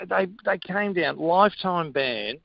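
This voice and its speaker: A man's voice: high-pitched, animated, measured pace, creaky, no echo, highs cut off. A man with an Australian accent, a radio guest, joking casually in a wry, dry-humoured manner. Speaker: radio guest, breakfast host.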